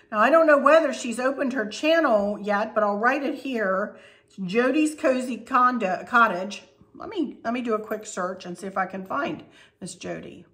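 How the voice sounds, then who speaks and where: A woman's voice: on the high side, a bit bright. Chatty rambling woman in her fifties. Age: 50s. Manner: chatty and rambling, laughs often, restarts and digresses; folksy and affectionate. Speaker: craft and decor channel host. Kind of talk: casual Q&A chat to viewers.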